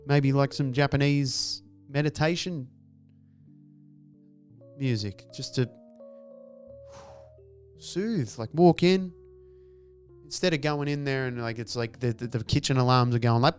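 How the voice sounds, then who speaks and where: A man's voice: mid-range voice, slow pace, long pauses, faint music behind. A man giving a profane, exasperated comic monologue as a podcast host and stand-up comedian. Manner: exasperated ranting, profane, acts out noises.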